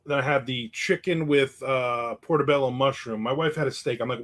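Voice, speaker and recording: A man's voice: mid-range voice, normal speed, fairly bright tone. A middle-aged man hosting a casual livestream, rambling about his weekend and reading viewer comments aloud. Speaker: livestream host.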